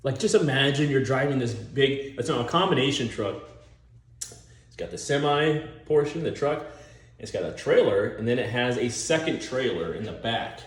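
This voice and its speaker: Man, rambling monologue, profane, lively pitch, roomy echo. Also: moderate pace. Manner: profane, animated, chuckling. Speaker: movie vlogger.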